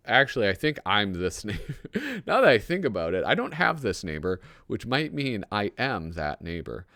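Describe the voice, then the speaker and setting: Man, low voice, very animated, casual comedic commentary, self-deprecating asides, frequent chuckles. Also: dry recording. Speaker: host reading old magazine jokes.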